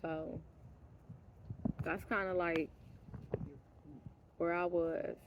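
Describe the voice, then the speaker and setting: A woman's voice: fairly low pitch, flat delivery, drawn-out words, noisy background. Blunt, heated woman telling a story. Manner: blunt and profane, swinging between hushed asides and heated outbursts; laughs mid-sentence. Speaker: vlogger. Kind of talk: casual storytelling monologue.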